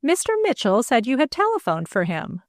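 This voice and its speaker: A woman's voice: on the high side, wildly swooping pitch, brisk, no room sound, clean studio sound, voice pushed up. A woman voicing a spirited, indignant young woman. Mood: protesting. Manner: indignant, protesting. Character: spirited young woman, proud and quick to anger.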